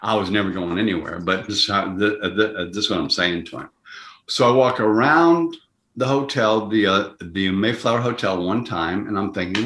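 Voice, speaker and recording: An older man, an actor guest on an interview show, telling a story with halting restarts and acting out the people he quotes in higher, louder voices. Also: slight background noise. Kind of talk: anecdotal storytelling. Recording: roomy echo.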